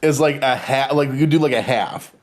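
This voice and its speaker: A man with an ordinary mid-range voice co-hosting a casual podcast. He talks in an animated way, leaning hard on "like" while he thinks out loud. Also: mid-range voice, brisk. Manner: animated, with frequent "like" fillers. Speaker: podcast co-host. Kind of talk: casual chat.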